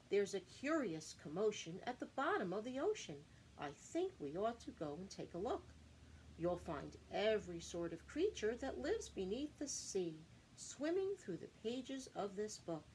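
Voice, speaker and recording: Woman teacher, reading aloud to kids, singsong, very lively pitch. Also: slight background noise, low-quality recording. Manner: animated, singsong storytelling. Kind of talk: reading a picture book aloud to children.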